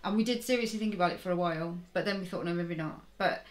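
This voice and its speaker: A woman's voice: mid-range voice, very fast, echoey room. A woman chatting casually in a family vlog, often ending with tag questions that invite agreement. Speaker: vlogger parent. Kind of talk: casual chat.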